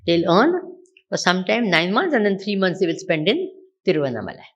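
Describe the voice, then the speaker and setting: Lively Indian woman teaching Vedanta. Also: fairly low pitch, brisk, highs cut off. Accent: Indian English. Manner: asks the audience repeated rhetorical questions. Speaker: spiritual teacher. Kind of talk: Vedanta discourse with questions to listeners.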